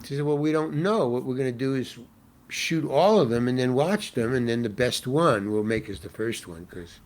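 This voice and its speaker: A man's voice: medium pitch, lively intonation, moderate pace, a little mellow. An older man, a guest actor, telling stories in a casual interview, rambling with restarts and exasperated asides.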